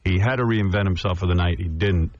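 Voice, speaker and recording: A man's voice: low voice, brisk. A man in his fifties hosting a radio show, telling stories and acting out other people's lines. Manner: animated storytelling, acts out other people's lines. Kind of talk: talk radio chat. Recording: dull lo-fi radio broadcast.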